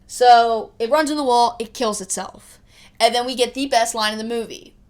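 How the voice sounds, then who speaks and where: A woman co-hosting a casual movie review podcast. Her voice sits a little high, and she retells the plot in a loose, chatty way. She often breaks into laughter and swears freely. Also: steady tone, moderate pace. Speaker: podcast co-host.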